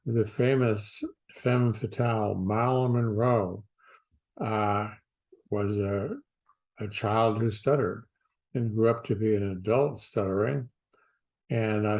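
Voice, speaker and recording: A man who coaches people who stutter, explaining in a slow, deliberate, plain-spoken way with pauses. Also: lowish voice, gravelly, darkish tone. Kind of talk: casual explanatory talk to camera.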